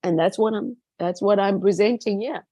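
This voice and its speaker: A woman's voice: medium pitch, moderate pace, warm tone, no room sound. Earnest woman guest, dry close sound. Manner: earnest and emphatic, repeats words for stress. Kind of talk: heartfelt personal testimony in a conversation.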